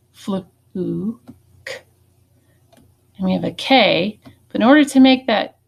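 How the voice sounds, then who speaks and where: A woman's voice: medium pitch, vocal fry. A woman teaching a phonics lesson, patient and checking in with students often. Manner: patient, checking in with frequent "okay?" and "right?".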